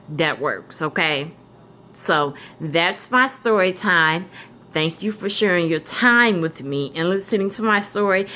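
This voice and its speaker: A woman's voice: fairly low pitch, pushed and bright. A woman vlogger telling a story in casual chat. She is blunt and emphatic, with profanity in her talk.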